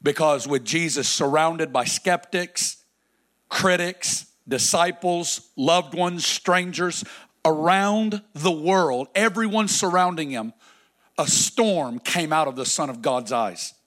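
Bright high-voiced man preaching. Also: animated, takes it slowly. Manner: dramatic, swings from loud to hushed. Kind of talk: sermon.

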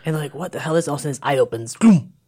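A man casually retelling a movie plot in a chat, animated and full of fillers, slipping into put-on voices for the characters. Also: fairly high pitch, rapid-fire. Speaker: film recapper.

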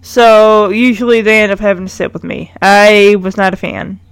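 A woman's voice: medium pitch, fairly even intonation, normal speed, clean tone, no echo. A woman casually retelling a cartoon episode with chatty, teasing asides.

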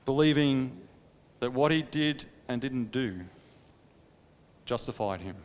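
A man preaching a sermon, dramatic, swinging between impassioned pleading and hushed, quiet stretches. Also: mid-range voice, animated, slow pace. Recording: long reverb of a large hall.

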